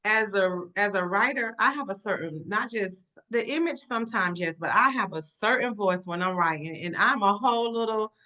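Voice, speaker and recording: A woman author chatting on a video call in a casual book club discussion, animated and expressive, sometimes slipping into playful voices. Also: medium pitch, moderate pace, hardly any pauses. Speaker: author guest.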